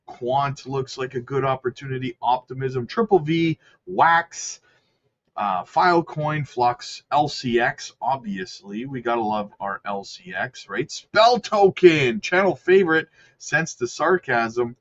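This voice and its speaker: A man's voice: medium pitch, measured pace, a bit bright, muffled recording. A man giving casual, chatty market commentary on crypto charts, upbeat and talking straight to his viewers. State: hiccups.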